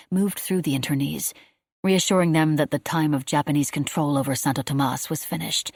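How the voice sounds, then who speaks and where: A woman reading a wartime novel aloud as an audiobook, in a steady, measured storytelling manner. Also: deep voice, creaky, slightly rough, dry recording, studio quality. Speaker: audiobook narrator. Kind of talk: scripted audiobook narration.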